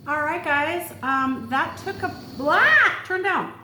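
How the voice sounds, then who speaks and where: A woman's voice: high voice, takes it slowly. A woman vlogger casually demonstrating gear at a table, chatty and thinking aloud with fillers. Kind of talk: casual product demo. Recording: roomy echo, faint background noise.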